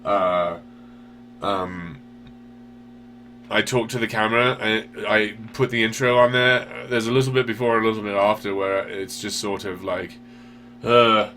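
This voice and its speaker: A man's voice: on the low side, steady tone, measured pace, sharp tone, a little hiss or hum. A man hosting a show, answering viewer questions in a rambling, profane, self-deprecating way. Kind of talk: casual chat.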